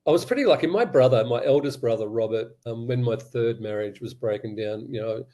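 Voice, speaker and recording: A man's voice: mid-range voice, a little fast, mellow. A middle-aged man telling his life story candidly, often retelling conversations in quotes. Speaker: podcast guest. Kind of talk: personal storytelling.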